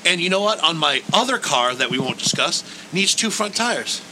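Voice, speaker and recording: A man co-hosting a crude podcast who rants and jokes with swooping, lively pitch that rides fairly high. His nose sounds stuffy and clogged. Steady noise hums under the recording. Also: normal speed, low-quality recording. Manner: loud, profane and joking, with big swoops up in pitch. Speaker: podcast co-host. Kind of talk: crude casual podcast banter.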